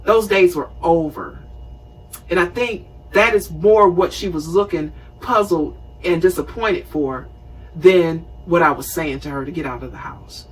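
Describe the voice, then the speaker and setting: Host, woman, 50s: husky, lively storyteller, recorded a little way off the mic. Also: fairly low pitch, a little slow, recorded from a distance, low-quality recording. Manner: animated, conversational, acts out scenes. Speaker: show host. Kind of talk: storytelling talk show monologue.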